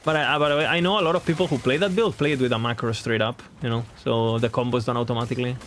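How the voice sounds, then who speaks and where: A man's voice: mid-range voice, fairly even intonation, fast talker, fairly bright tone, a little hiss or hum. A man chatting casually on a game stream as its host, rambling along and often laughing at himself. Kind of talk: casual live-stream chat.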